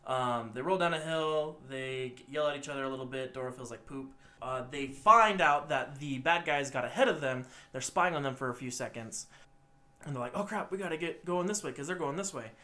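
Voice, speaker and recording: Bright-voiced young man recapping a movie. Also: medium pitch, fairly quick. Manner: rambling, animated retelling with quoted voices. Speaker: podcast co-host.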